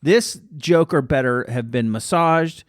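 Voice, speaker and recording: A man co-hosting a podcast, telling jokey, animated stories in a casual chat. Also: medium pitch, unhurried, dry recording, studio quality. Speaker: podcast co-host.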